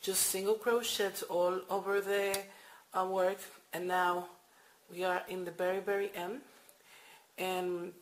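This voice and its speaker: Recorded at home at night on low-quality audio with a little hiss or hum, a crochet tutorial maker casually demonstrates her steps. Her voice is lowish and level, a bit slow, and her explanation is hesitant, packed with fillers and repeated instructions.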